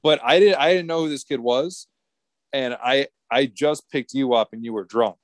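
A man's voice: medium pitch, normal speed, no echo. A man in his twenties telling a rambling story in a casual podcast chat, swearing and laughing often. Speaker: podcast co-host.

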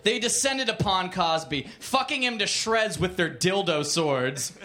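High, lively comedian reading a crude story. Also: male voice, unhurried. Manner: deadpan storybook narration of crude material. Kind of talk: comic story reading to a live audience. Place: comedy club stage. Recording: noisy live club recording.

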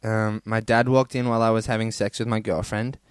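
A man's voice: lowish voice, little pitch movement, fairly quick, clean tone, no room sound, studio quality. A man hosting a podcast, casually reading listener stories in a crude, rambling way and laughing often. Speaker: podcast host.

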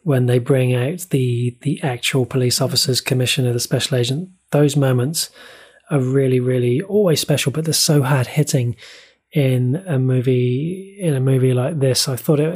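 Husky man talking movies thoughtfully. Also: medium pitch, a little mellow. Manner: measured, reflective, some hesitations. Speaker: podcast co-host. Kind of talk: casual film discussion.

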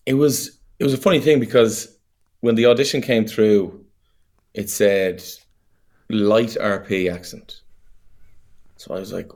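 Low-voiced Irish man telling stories. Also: a little slow, pauses often. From Ireland. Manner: animated storyteller, laughs easily, many fillers. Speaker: actor guest. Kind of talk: casual interview chat.

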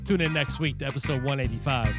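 A man hosting a boxing podcast, ranting in an animated, profane way during casual chat. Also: mid-range voice, fast, loud music behind the voice. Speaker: podcast host.

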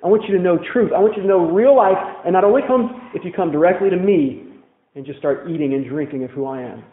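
A higher-voiced man preaches in a loose, conversational way, tossing in playful asides. His voice rings around a large echoey hall. The sound is thin and narrow, like it came over a phone line. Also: fast talker. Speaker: pastor. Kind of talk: sermon. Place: church hall.

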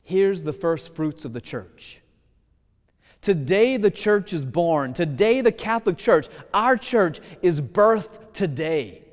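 A male Catholic priest giving a sermon in a lively, casual way, slowing down to stress key points. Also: high voice. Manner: lively, casual preaching that slows for emphasis. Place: church. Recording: long church reverb.

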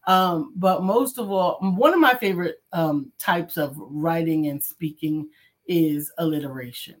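Female co-host, measured, reflective speaker in a casual chat. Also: low-pitched.

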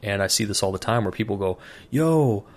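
A man's voice: fairly low pitch, little pitch movement, rapid-fire. A man co-hosting a casual podcast, telling profane stories and acting out the people in them. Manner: profane storyteller acting out quoted voices. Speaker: podcast co-host.

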